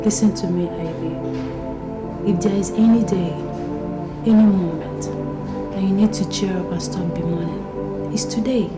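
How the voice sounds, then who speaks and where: An actress playing a caring young woman friend who soothes and reassures in a steady, repetitive way. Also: mid-range voice, measured pace, pauses often, loud music behind the voice, close to an everyday voice. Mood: earnest.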